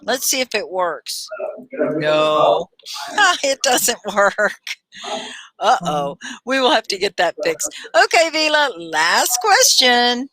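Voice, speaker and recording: A woman hosting a live online English class, upbeat and encouraging, laughing often and repeating words slowly and clearly. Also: medium pitch, very animated, fairly bright tone, poor audio. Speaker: ESL teacher and livestream host.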